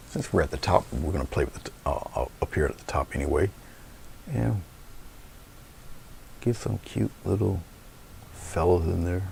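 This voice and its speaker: Male painting instructor, bass register, gravelly; easygoing live demo patter. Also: a little hiss or hum. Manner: relaxed, chatty, thinking aloud.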